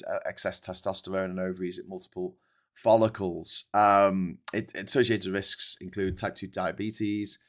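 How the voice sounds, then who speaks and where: A Liverpool man with a Scouse accent talking through the news in a loose, chatty way. His voice sits a little low, and he stops often for ums and restarts, then pushes his opinions in plainly. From Liverpool, England. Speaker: host. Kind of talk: casual live-stream news commentary.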